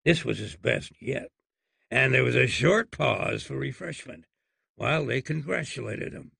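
A man narrating an audiobook in a wry, measured storytelling manner. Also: medium pitch, expressive, vocal fry, sharp tone, breathy edge, dry recording, studio quality.

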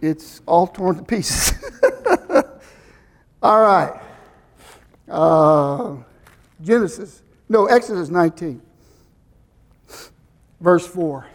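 An older male pastor preaching a sermon, questioning his congregation and answering himself, moving between loud emphasis and soft asides. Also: sits high, lively intonation, slow, pauses often. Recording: reverberant church hall.

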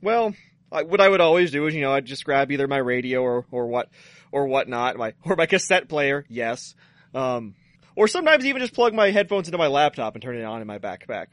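A man's voice: medium pitch, sing-song, brisk, a bit bright, no echo. A man co-hosting a podcast, teasing and joking crudely in casual banter. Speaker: podcast co-host.

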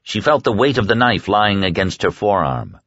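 A man narrating a horror audiobook in a dramatic, expressive storytelling manner. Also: on the low side, moderate pace, no echo, lo-fi sound. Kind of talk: scripted narration.

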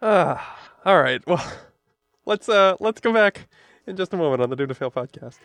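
A man's voice: high-pitched, expressive, vocal fry, a bit bright, dry recording. A man co-hosting a casual podcast, chatting playfully and riffing on jokes. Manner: playful, joking, quick to riff. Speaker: podcast co-host.

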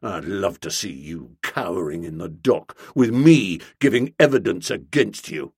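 A man doing a gruff, brooding young copper. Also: low-pitched, animated, measured pace, dry recording, clean studio sound, pitched below the performer's own voice, exaggerated voice. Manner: blunt, brooding, grudging. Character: gruff young male policeman, resentful and menacing. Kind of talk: audiobook character voice.

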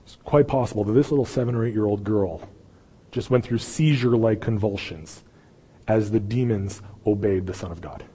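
Impassioned preacher with husky voice. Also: male voice, on the low side, normal speed, big-room sound. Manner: impassioned, swings from loud pleading to hushed. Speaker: pastor. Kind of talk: sermon. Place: church sanctuary.

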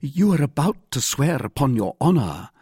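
Man reading as young male musketeer, coolly polite, lively pitch, close dry sound. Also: normal speed, husky, no room sound.

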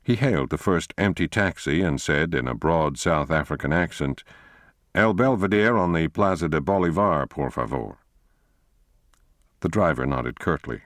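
A man reading a thriller novel aloud as an audiobook narrator, in a measured, steady way. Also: rumbling low, dry recording, studio quality. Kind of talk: scripted narration.

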